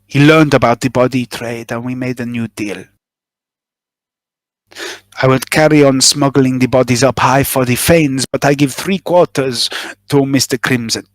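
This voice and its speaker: A man's voice: medium pitch, steady tone, dry recording, lightly acted. A man doing a nervous middle-aged smuggler who stumbles through his confession, justifying every step in a plain middle-range voice. The sound is dry and close, with no room in it. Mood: confessing. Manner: halting, eager to justify himself.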